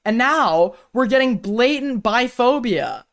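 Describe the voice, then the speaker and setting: A man's voice: very high voice, animated, takes it slowly, fairly bright tone. Sarcastic, profane male streamer. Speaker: streamer reacting to clips. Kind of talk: casual stream commentary.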